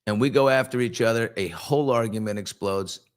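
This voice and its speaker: A middle-aged man hosting a casual live morning chat, telling lively stories and answering viewer comments. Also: on the low side, a little fast. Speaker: host.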